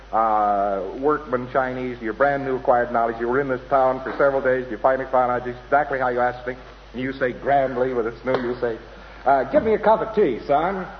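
Man, mid-pitched, digressive lecturer who imitates voices; dull lo-fi hall recording. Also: a little hiss or hum. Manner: rambling, anecdotal, mimics voices. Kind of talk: lecture to an audience.

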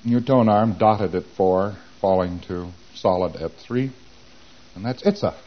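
A man giving a lecture, acting out exchanges with quick mumbled asides. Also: lowish voice, muffled recording. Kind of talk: recorded lecture.

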